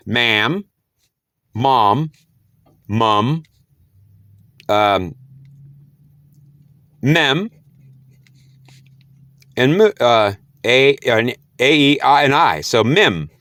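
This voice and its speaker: A man's voice: medium pitch, lively intonation, extremely slow, pauses often, a bit bright, no echo. A man explaining spirit messages to camera. He repeats himself, sounds out words syllable by syllable, and breaks into incredulous outbursts. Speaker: spiritual speaker.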